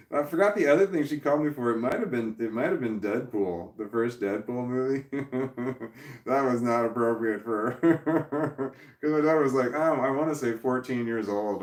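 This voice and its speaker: A man's voice: mid-range voice, distant mic. A man casually telling a long personal story to camera, rambling and profane, with frequent restarts and chuckles. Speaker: vlogger. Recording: roomy echo, voice off-mic.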